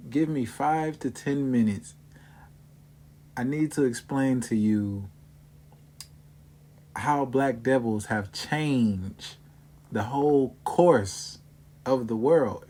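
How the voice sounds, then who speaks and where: Man calmly explaining to his viewers. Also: mid-range voice. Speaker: video host. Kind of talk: casual explainer talk to viewers.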